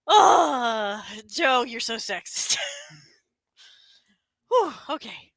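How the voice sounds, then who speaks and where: Bright, high-voiced chatty woman streamer. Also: extremely slow, vocal fry, pauses often, no room sound, poor audio. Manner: chatty, laughs often, excited rants. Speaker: streamer host. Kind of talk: casual chat.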